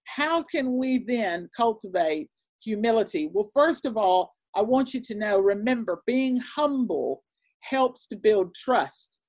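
Woman preaching, earnest and excitable, lots of ums and restarts. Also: a little high, unhurried. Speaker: Bible teacher. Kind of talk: sermon. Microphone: presentation with on-screen slides.

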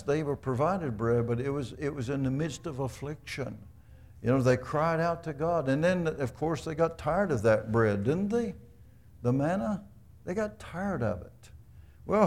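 A man's voice: mid-range voice, darkish tone. A man preaching a sermon in a conversational, storytelling way, asking the congregation rhetorical questions. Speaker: pastor.

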